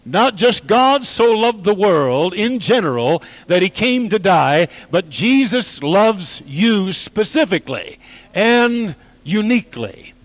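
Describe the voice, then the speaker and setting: A male pastor delivers a sermon at an unhurried, deliberate pace. His voice sits a little high for a man. He swells to loud, emphatic peaks and then sinks to hushed, quiet lines to drive his points home. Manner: slow, measured preaching with dramatic swells and drops in volume.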